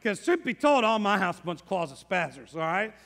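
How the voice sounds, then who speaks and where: A middle-aged man preaching a sermon, animated, acting out voices from the story. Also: high-pitched, brisk, gravelly, long reverb tail. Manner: animated, acts out quoted voices. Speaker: pastor. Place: church sanctuary.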